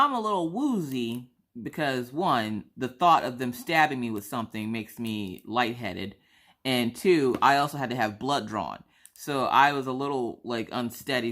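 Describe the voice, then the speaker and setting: A woman from South Carolina with a mixed Southern accent, chatting casually and telling a story while acting out the people in it. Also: rumbling low. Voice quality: animated, acts out other people in the story. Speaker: craft vlogger.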